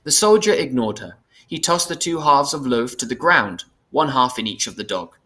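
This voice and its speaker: A man's voice: mid-range voice, normal speed. Man reading a storybook chapter aloud. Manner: plain, steady reading with small self-corrections. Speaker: reader.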